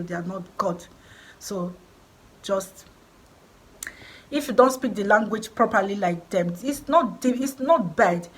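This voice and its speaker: A Nigerian woman of middle age speaks straight to her viewers with a voice of middling pitch. She presses each point home, repeating herself like a preacher addressing a flock. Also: poor audio. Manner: emphatic, repetitive, preaching tone. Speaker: vlogger. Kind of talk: encouraging vlog talk.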